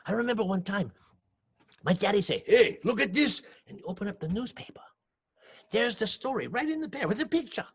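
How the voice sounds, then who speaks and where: A man with a Hawaiian Pidgin accent telling a story aloud, acting out voices and dropping to hushed whispers. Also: high voice, brisk, husky. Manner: animated, acts out voices, shifts from shouts to hushed whispers. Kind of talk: oral storytelling. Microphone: home recording for video call show.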